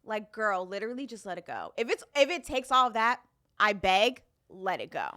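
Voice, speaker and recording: Young woman, podcast guest, casual candid storytelling, bright clear voice. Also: mid-range voice, sing-song, normal speed. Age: 20s. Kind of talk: casual chat.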